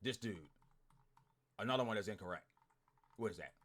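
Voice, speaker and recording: A man ranting bluntly to his online group, swearing a lot, repeating himself and swinging from loud outbursts to muttering. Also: lowish voice, brisk. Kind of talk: heated profane rant to followers.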